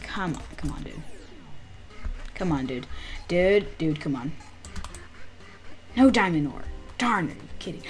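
A woman hosting a gaming channel, giving casual, excitable game commentary packed with fillers. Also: on the low side, unhurried, long pauses, faint music behind. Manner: chatty, excitable, lots of "like" fillers.

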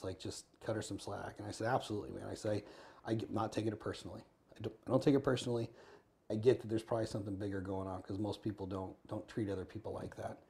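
An American man telling a story in an interview, earnest and quick, acting out the lines of the people in it. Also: fairly low pitch, warm tone. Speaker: podcast guest.

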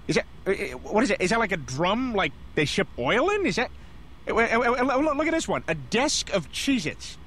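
An actor playing a bumbling, loudmouth middle-aged cartoon dad who rambles and stammers when flustered. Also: male voice, high-pitched, big pitch swings, normal speed, full character voice. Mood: baffled. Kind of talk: animated cartoon acting.

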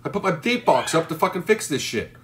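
A man's voice: on the high side, big pitch swings, fairly quick. A man hosting a livestream roast, brash and mocking, cursing constantly. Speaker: livestream host. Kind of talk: profane roast livestream chat.

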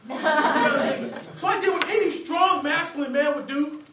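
A young man giving a humorous contest speech, acting out scenes with lively energy. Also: very high voice, moderate pace, heavy background noise. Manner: animated, acts out scenes and voices. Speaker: contest speaker. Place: meeting hall stage. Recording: echoey hall, distant mic. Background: audience laughter.

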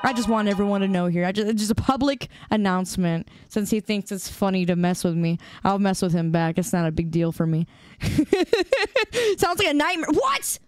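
A woman's voice: lowish voice, steady tone, brisk, hardly any pauses, darkish tone, smooth, no room sound, faint music behind. A young woman streamer chatting with her viewers in a playful, teasing, mock-indignant way, on a streaming mic. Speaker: game streamer. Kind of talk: casual live-stream chat. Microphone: desk streaming mic with headphones.

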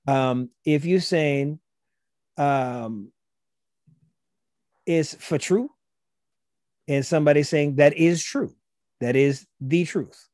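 A man's voice: medium pitch, darkish tone, no echo, studio quality. A man from South Carolina with a Gullah Geechee accent, a podcast guest explaining language in a loose, chatty way with many fillers. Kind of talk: casual podcast conversation.

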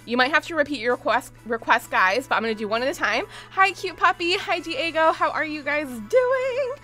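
A young woman live-streaming a game, chatting casually, gushing and greeting her viewers in quick bursts, sometimes squealing with excitement. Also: high voice. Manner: squeals loudly when excited. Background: faint game music.

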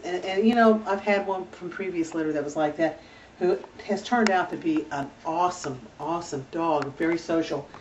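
A woman's voice: fairly low pitch, normal speed, noisy background. A woman breeder giving a casual home video tour, talking in a chatty, doting way with many fillers. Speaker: dog breeder. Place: indoors at home with puppies. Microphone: camera held by a helper. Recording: slightly distant, dull camera audio.

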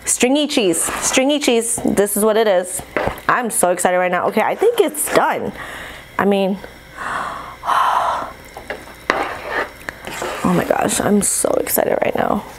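A woman chatting casually to her viewers while she cooks, bubbly and excitable, recorded on a camera mic in a home kitchen. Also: mid-range voice, slow pace, long pauses, noisy background. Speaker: mukbang vlogger. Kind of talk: casual vlog chat while cooking.

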